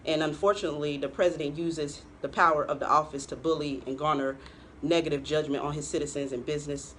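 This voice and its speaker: A woman's voice: low-pitched, steady tone, quick pace, a bit bright, a little hiss or hum. A woman co-hosting a political talk show, giving pointed commentary and laughing often. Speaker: co-host.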